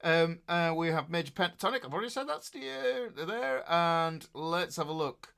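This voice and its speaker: A man's voice: fairly high pitch, lively intonation, moderate pace, vocal fry, pushed and bright, clear, resonant tone. A middle-aged man, chatting casually as a guitar teacher hosting a live class and reading out viewers' names with jokes and fillers. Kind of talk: casual live-stream chat.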